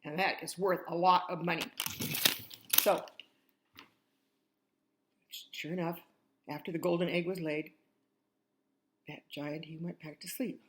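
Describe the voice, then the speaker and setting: A woman's voice: fairly low pitch, fairly even intonation, unhurried, long pauses, slight background noise. An older woman, a grandmother, telling a children's fairy tale in a chatty way, talking straight to the kids. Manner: chatty, talks directly to children. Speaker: grandmother storyteller. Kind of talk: children's story reading.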